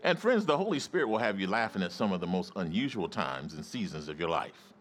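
A man's voice: low-pitched, sing-song, a little fast, slight background noise. A male pastor preaching a sermon, emphatic and calling out to his congregation for responses.

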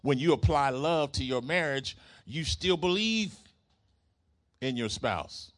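A man's voice: on the high side, expressive, slow pace. A man preaching a sermon, using rhythmic repetition and call-and-response with the congregation. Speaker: pastor.

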